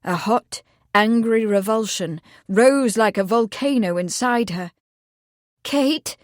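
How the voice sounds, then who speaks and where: A woman narrating a mystery audiobook in a steady, measured storytelling manner. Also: mid-range voice, no echo, clean studio sound.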